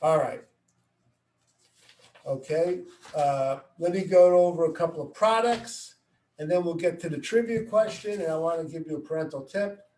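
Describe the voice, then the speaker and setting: A middle-aged man explains a baseball play step by step, acting out what he calls to his players. His voice sits slightly high. He stands away from the mic, and the room echoes around him. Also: moderate pace, distant mic, slight background noise. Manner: explains plays step by step, acts out yelling at players. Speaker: baseball coach. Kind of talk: coaching instruction.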